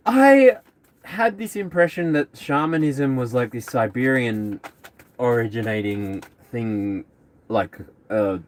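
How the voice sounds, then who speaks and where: A man hosting a live tarot reading stream, chatting casually with viewers, rambling and laughing often. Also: mid-range voice. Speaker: tarot reader.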